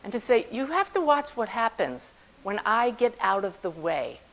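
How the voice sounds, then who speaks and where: Fairly high-pitched and moderately paced, this spiritual medium tells an audience a personal story during a talk. She's animated and acts out the voices she quotes, all captured in poor audio.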